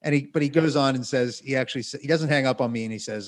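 A man's voice: medium pitch, very fast, few pauses. A man co-hosting a podcast, telling a long story in a rambling, wry way full of self-corrections and asides. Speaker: podcast co-host. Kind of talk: casual storytelling.

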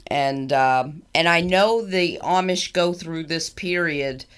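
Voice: mid-range voice, slow pace, clean tone. Jokey podcast co-host saying "y'all". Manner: relaxed, jokey, uses "y'all" and "baby". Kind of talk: casual podcast chat.

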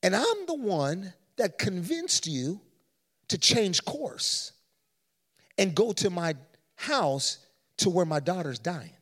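A man preaching, voicing Jairus as an anxious, desperate father who pleads quietly and indignantly, recorded in a church with long reverb. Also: sits high, big pitch swings, takes it slowly, full character voice. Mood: aggrieved.

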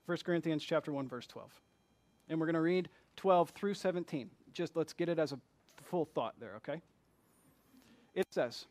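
A man with a notably high voice delivers a conversational sermon as pastor. He talks to the congregation like a friend, firing off rhetorical questions and jumping from hushed asides to loud, emphatic bursts.

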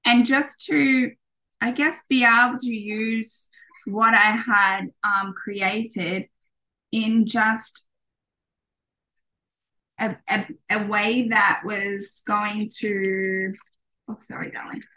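A woman's voice: medium pitch, level tone, extremely slow, long pauses, pushed and bright. A woman in her thirties, a podcast guest, talking casually with many ums and restarts.

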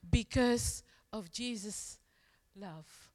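A woman's voice: medium pitch, drawn-out words, a little mellow, big-room sound. A woman preaching a sermon in a conversational storytelling way, acting out the quoted lines as she tells the story.

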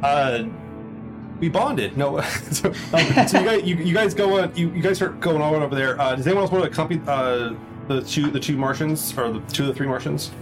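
A man narrating a tabletop role-playing game as game master, relaxed and halting, with many fillers and restarts. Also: fairly high pitch, over music.

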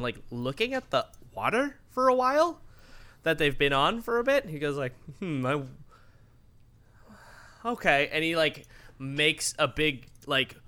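A man's voice: on the high side, pushed and bright. Playful tabletop player man. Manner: playful, rambling. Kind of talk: casual tabletop play.

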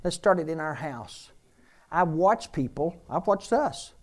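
A man's voice: on the high side, expressive, unhurried. A man, a pastor, preaching a sermon in a conversational way and repeating key phrases for emphasis.

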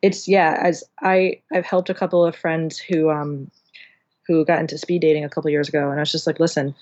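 A woman's voice: low-pitched, flat delivery, a little fast, darkish tone, highs cut off. A woman being interviewed about audiobook engineering, talking in a chatty, rambling way with many restarts. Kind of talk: casual interview chat.

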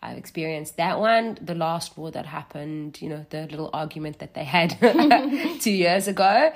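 A woman from South Africa with a South African accent, talking as a podcast guest in a relaxed way with wry humor. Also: low voice, moderate pace. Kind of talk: casual conversation.

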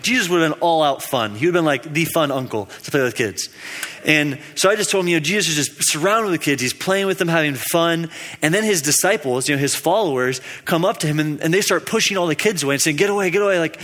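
Chatty young preacher in an echoing hall. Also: male voice, a little high, fairly bright tone. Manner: rambling and chatty, many fillers, laughs at his own jokes. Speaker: preacher giving a midweek teaching. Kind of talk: casual storytelling sermon.

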